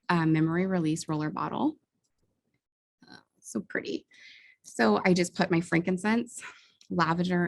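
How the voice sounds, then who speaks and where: A woman's voice: lowish voice, vocal fry, a little mellow, no room sound. A woman in her thirties telling a personal story in a casual, earnest and emotional way, with small laughs and sighs. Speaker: vlogger sharing a personal story.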